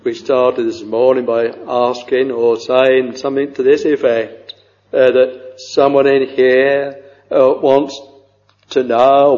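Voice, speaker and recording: An older man preaching a sermon with fervent, halting delivery and sing-song rises on scripture. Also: medium pitch, darkish tone. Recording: dull, echoey old church recording.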